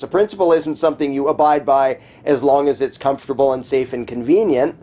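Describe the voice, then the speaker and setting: A man's voice: medium pitch, a little fast, mellow. A man speaking as a guest in a conversational interview, talking emphatically and scornfully, sometimes mimicking the people he criticizes. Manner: emphatic, scornful, mocks opponents' voices.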